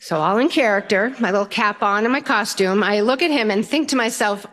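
Older woman telling a lively story. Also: medium pitch, fairly quick, few pauses. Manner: animated, laughs often through the story. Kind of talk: personal storytelling.

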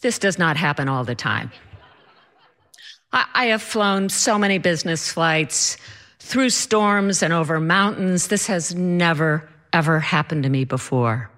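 A woman tells a personal story to an audience in an unhurried, deliberate voice. She is wry and self-deprecating, and she builds the drama with her timing. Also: on the low side, a bit bright.

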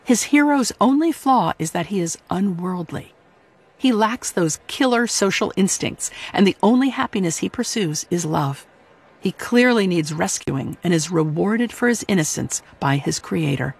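Calm female radio host. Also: mid-range voice, moderate pace, creaky, slightly rough. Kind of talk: scripted radio presentation.

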